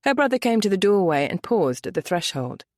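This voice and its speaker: A woman narrating a romance novel audiobook with an expressive storytelling lilt. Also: mid-range voice, fairly quick, dry recording, studio quality.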